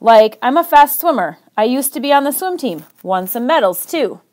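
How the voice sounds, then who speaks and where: A woman's voice: sits high, big pitch swings, normal speed, a little mellow. A woman voicing an earnest, defensive teenage boy from the city in a storybook reading, with a pleading, emphatic delivery. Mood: coaxing.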